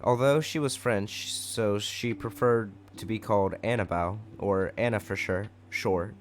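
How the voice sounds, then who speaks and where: A man's voice: on the low side, a little slow, slight background noise. Man reading fanfic, casual and wry. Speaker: fanfic narrator.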